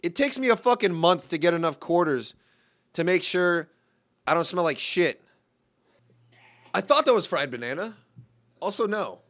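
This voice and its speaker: A man's voice: sits high, very animated, moderate pace, pauses often, fairly bright tone. A young man telling a profane, rambling comic story in an exasperated ranting manner. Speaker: comedian. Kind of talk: comedic monologue.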